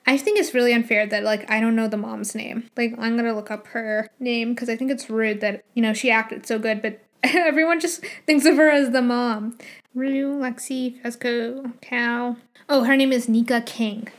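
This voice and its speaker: A woman's voice: a little high, fairly even intonation, normal speed. A young woman hosting her own podcast, chatting casually and gushing with frequent laughs. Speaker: podcast host. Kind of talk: solo podcast chat.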